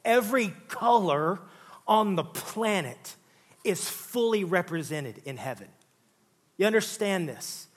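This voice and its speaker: Guy preaching, kinda high voice, keeps saying listen and all right, loose and jokey. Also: lively intonation, slow. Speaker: pastor. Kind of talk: sermon.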